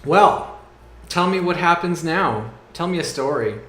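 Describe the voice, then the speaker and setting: A man's voice: on the high side, animated, a little slow, fairly bright tone, roomy sound. Joking man running a tabletop game. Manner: joking, self-deprecating. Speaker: game master.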